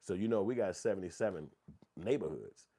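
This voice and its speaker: A middle-aged man, telling stories in casual, profane commentary and reading viewer comments. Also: a little fast. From Chicago. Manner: profane, animated storytelling, acts out quotes in a high voice. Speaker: channel host.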